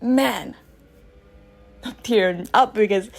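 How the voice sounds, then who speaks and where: This thirties-aged radio host talks through a relaxed spiritual monologue, animatedly alternating loud bursts with soft asides. She speaks at a normal speed with a fairly high pitch.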